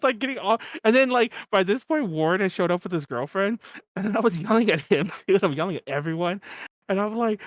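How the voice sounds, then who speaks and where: A young man co-hosts a podcast in a high, bright register, recorded close and dry. He tells a party story in an animated way, laughing between lines and acting out his own drunken yelling. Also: moderate pace, no echo. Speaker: podcast co-host. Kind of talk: casual storytelling chat.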